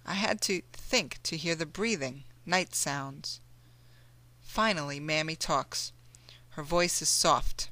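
A woman narrating an audiobook in a measured storytelling manner. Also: sits low, bright, forceful tone, no room sound. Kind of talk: scripted narration.

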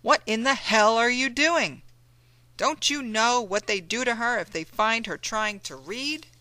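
A reader voicing a stern older woman on a plantation who scolds loudly and urgently. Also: mid-range voice, big pitch swings, a little slow, no room sound. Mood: furious. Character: stern older enslaved woman, fierce protector.

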